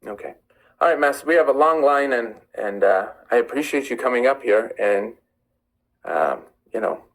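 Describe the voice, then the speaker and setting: A man's voice: mid-range voice, moderate pace, rough recording. An Iranian-American man hosting a live stream, chatting with callers and reading viewers' comments aloud. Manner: animated, conversational, addresses viewers by name. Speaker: livestream host.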